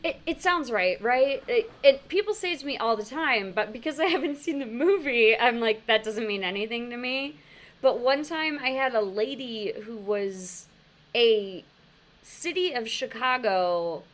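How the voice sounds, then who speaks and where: Woman, slightly high voice, animated storyteller, casual podcast chat, laughs easily. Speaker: podcast co-host.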